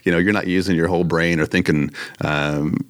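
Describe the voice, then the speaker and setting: A man's voice: deep voice, steady tone, fairly quick, clean tone, no room sound, studio quality. A man, a church leader, talking casually about leadership with many fillers and restarts.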